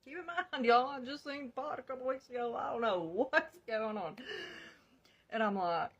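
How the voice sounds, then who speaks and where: A young woman telling her own story to the camera in a casual, animated way, swearing freely, laughing often and calling her viewers y'all. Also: a little high, moderate pace, slightly rough, lo-fi sound.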